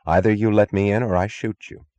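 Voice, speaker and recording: A man's voice: lowish voice, steady tone, brisk, a little mellow, dry recording, voice pushed up, lightly acted. A man reading an audiobook, voicing a cool, commanding woman executive in a level, firm voice. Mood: cold, commanding.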